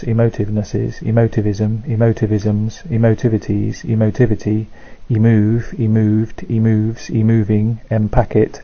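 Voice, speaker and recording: A man reading a long list of dictionary words aloud, one at a time, in a flat, steady way. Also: on the low side, highs cut off. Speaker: word list reader.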